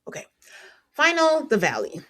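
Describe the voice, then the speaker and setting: A woman hosting a podcast, recapping reality TV in a casual, exasperated way with frequent filler words. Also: normal speed. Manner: exasperated, lively pitch swings. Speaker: podcast host.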